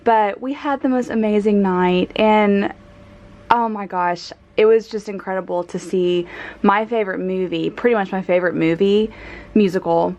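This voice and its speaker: A woman's voice: medium pitch, fairly even intonation, normal speed, darkish tone, dull audio. A young American woman chatting enthusiastically with many fillers as she films a travel vlog. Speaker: travel vlogger. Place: out of doors in a park and city.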